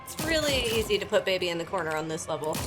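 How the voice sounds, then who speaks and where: A woman's voice: on the low side, big pitch swings, over music. A woman hosting a casual gaming livestream, laughing often as she chats with friends. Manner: giggly, quick to laugh. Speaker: livestream host.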